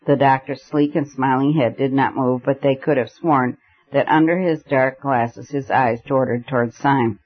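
A man narrating a novel in measured storytelling. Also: mid-range voice, fairly even intonation. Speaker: audiobook narrator. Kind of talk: scripted narration. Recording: dull lo-fi recording.

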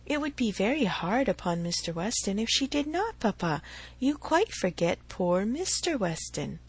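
A woman voicing a lively, self-assured young woman in a narrated novel, brisk and reassuring. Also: mid-range voice, breathy edge, exaggerated voice.

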